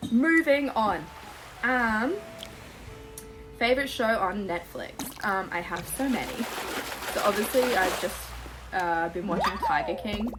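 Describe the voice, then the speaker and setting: Gushing, sweary young Australian woman. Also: medium pitch. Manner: gushing, sweary and animated, full of fillers. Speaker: YouTuber. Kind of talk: casual Q&A chat while playing a game. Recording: music playing behind.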